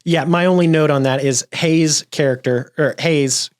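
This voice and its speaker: A man's voice: fairly high pitch, fairly even intonation, normal speed. Man hosting a podcast, steering the talk. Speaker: podcast host. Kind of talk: casual panel discussion.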